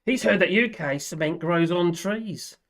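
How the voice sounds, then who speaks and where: A man's voice: high-pitched, unhurried, fairly bright tone. Rambling man on a casual livestream. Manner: rambling, chatty, laughs often, trails off. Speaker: livestream host. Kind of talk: casual live chat reading viewer comments.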